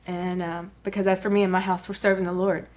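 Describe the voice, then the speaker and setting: A woman's voice: lowish voice, little pitch movement, quick pace, a little mellow. A woman, a guest giving an earnest personal testimony with many fillers. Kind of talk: personal testimony on a talk show.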